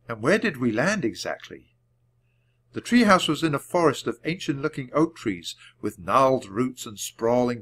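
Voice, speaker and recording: A man narrating a children's chapter book in a clear, deliberate read-aloud. His pitch sits in the middle range but moves with lots of life. He paces each sentence carefully for language learners. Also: fairly bright tone. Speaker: storybook reader.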